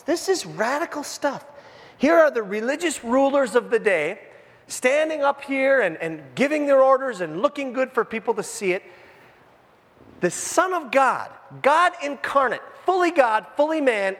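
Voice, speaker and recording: A man with a notably high voice preaching a casual, animated sermon to his congregation. He talks informally and tosses in jokey asides. A long reverb from the church hall trails each phrase. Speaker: pastor. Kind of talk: conversational sermon. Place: church sanctuary.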